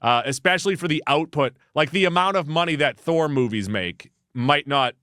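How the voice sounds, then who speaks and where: Lively, bright-voiced man co-hosting movie news. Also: a little high, moderate pace, no echo, clean studio sound. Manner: wry, joking delivery. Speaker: podcast co-host reading the news. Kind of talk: casual movie news chat.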